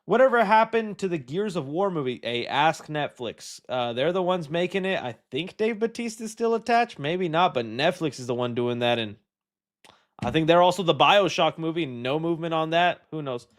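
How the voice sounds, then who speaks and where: Animated, jokey man hosting a live stream. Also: on the high side, normal speed. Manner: rambling, animated, jokey, puts on silly voices. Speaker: live stream host answering chat questions. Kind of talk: casual live-stream chat.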